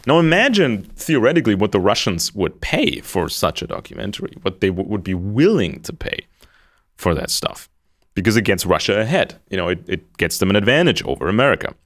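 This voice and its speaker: A man's voice: fairly low pitch, big pitch swings, brisk, a bit bright. A man giving spoken political commentary, mocking others in put-on quotes.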